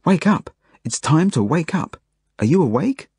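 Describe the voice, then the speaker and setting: A man's voice: on the low side, very animated, moderate pace, dark tone, husky, dry recording, studio quality. A man reading an audiobook voices a bossy, cross little girl who talks insistently and scolds.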